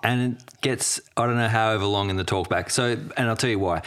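Australian man, podcast host, casual chat, lively storytelling, frequent swearing, lowish voice. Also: brisk, clear, resonant tone. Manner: animated, swears a lot, tells stories.

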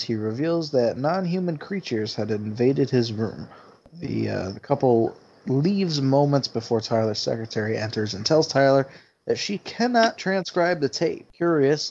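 A man co-hosting a podcast who recaps a movie plot in a relaxed way, swearing and laughing often. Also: medium pitch, normal speed, dull audio. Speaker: podcast co-host.

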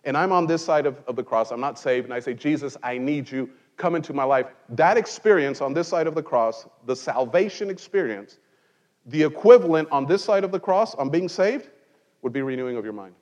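A man's voice: fairly high pitch, animated, brisk, a little mellow, in a large hall. A man who grew up in Mexico, preaching a conversational sermon from a pulpit in church and mixing in wry jokes. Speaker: pastor.

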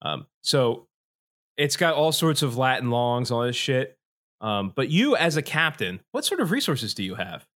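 A man hosting a podcast in a relaxed, casual chat. He rambles, circles back on himself with plenty of fillers, and swears freely. His voice sits at an everyday middle pitch. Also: normal speed. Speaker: podcast host presenting slides.

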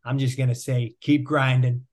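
A man's voice: medium pitch, flat delivery, normal speed, a little mellow. A man hosting a podcast interview, enthusiastic and encouraging, cheering his guest on. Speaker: podcast host.

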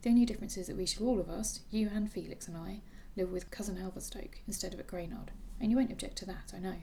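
A woman reading aloud as a lively young heroine who speaks earnestly and reassuringly. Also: mid-range voice, quick pace, slight background noise, close to an everyday voice. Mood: tender.

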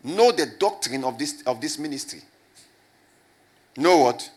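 A man's voice: a little high, lively intonation, fairly quick, husky. Male pastor, middle-aged, sermon delivery, repeats lines and prompts the crowd to answer. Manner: call-and-response preaching, repeats questions to the crowd. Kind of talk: sermon to a congregation.

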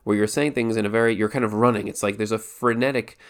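Low-voiced man teaching with restarts. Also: fairly even intonation, fast, clean tone. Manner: thoughtful, many restarts and repeated words. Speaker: Torah teacher. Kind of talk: spoken Jewish law lesson.

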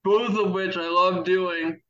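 A man co-hosting a podcast, making his points in a deliberate, emphatic way. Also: high voice, steady tone, fairly bright tone, roomy sound, muffled recording. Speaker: podcast co-host. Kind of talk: casual chat.

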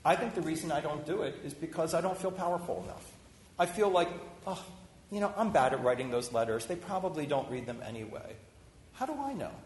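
A rabbi giving an informal, conversational sermon, talking with lively restarts and acted-out quotes. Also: male voice, fairly high pitch, brisk, a little hiss or hum. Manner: conversational, animated, many restarts. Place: synagogue hall. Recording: roomy hall echo, faint ambience.

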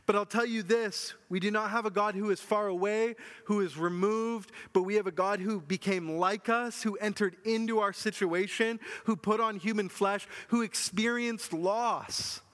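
A man preaching a sermon as pastor, earnest and often dropping to a soft, low voice. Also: fairly even intonation, moderate pace, hardly any pauses. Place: church hall. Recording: long hall reverb.

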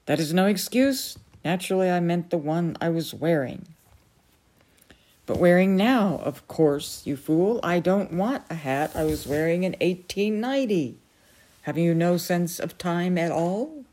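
A woman's voice: lowish voice, lively intonation, unhurried, dark tone. Woman voicing a tetchy old wizard. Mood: furious. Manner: stern, prone to outbursts. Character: old male wizard, tetchy and easily vexed.

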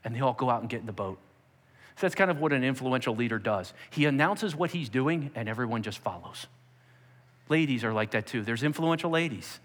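A man preaching a sermon in an animated way, jumping into sudden high-pitched bursts when he acts out quotes. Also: fairly quick. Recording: long hall reverb.

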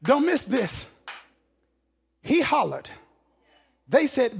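A male preacher delivering an animated sermon, shouting, laughing and calling out to the congregation. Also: very high-pitched, takes it slowly, gravelly, long pauses.

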